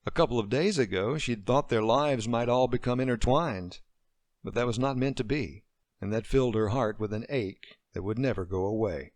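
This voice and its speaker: A man narrating a romance novel as an audiobook, reading slowly and expressively. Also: mid-range voice, a little mellow, no echo. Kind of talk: scripted narration.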